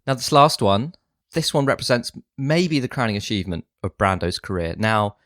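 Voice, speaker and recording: Man telling comic tales with deadpan earnestness. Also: fairly low pitch, normal speed, no room sound, studio quality. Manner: deadpan, earnest, rising to frantic shouts. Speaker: co-host. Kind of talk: improvised comedy sketch.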